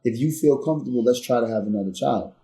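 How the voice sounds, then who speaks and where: A man's voice: mid-range voice, fast talker, roomy sound. A man guest on a podcast telling a personal story earnestly, acting out heated arguments with rising intensity. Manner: earnest, builds to loud re-enacted arguments. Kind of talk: candid storytelling.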